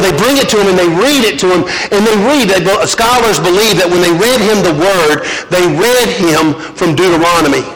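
High-voiced pastor preaching in a church. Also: male voice, fairly bright tone. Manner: earnest preaching with rhetorical questions and repeated words. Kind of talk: sermon. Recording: long reverb, faint noise.

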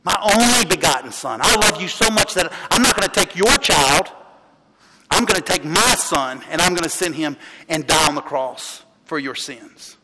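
Man, preaching, chatty storytelling, high voice, heavy background noise. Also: animated, moderate pace. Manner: conversational, storytelling, with restarts and laughs. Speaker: pastor. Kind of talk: sermon. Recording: long hall reverb, loud background noise.

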